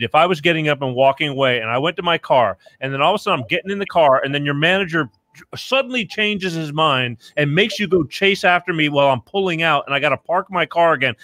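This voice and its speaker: Bright, rambling male podcast host. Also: a little high, dry recording. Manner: rambling, frank, restarts and swears. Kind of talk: casual interview chat.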